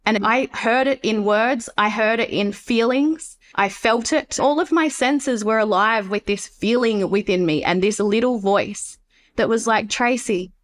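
A woman speaks as a guest in a podcast interview, with a voice pitched somewhat high. She is earnest and reflective, and she quotes her own inner voice as she talks. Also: unhurried. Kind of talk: casual interview chat.

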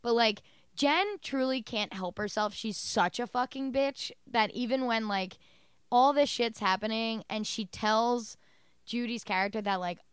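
Young woman, animated casual chat, swears a lot, smooth voice, dry sound. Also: fairly high pitch, unhurried, dry recording. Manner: animated, swearing, acts out quotes. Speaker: podcast co-host.

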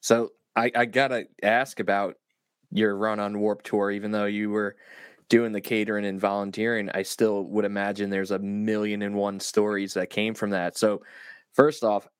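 A man hosting a casual podcast, with a low, level voice that barely rises or falls. He asks his questions in a steady, measured way. The sound is close and dry, with no room echo, and he keeps a level delivery throughout. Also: clear, resonant tone. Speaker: podcast host. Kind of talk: casual chat.

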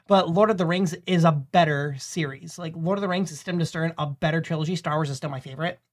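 A man's voice: fairly high pitch, fairly quick. A man in his twenties co-hosting a casual podcast, bantering emphatically and swearing freely. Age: 20s. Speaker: podcast co-host. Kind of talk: casual chat.

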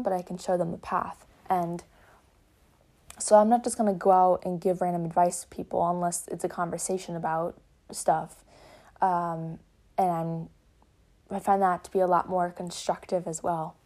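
A woman's voice: fairly low pitch, dark tone. A young woman hosting a podcast, reading from a book and musing about it in a rambling, thoughtful way. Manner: rambling, thoughtful, with fillers and self-corrections. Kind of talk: casual reflective reading and chat.

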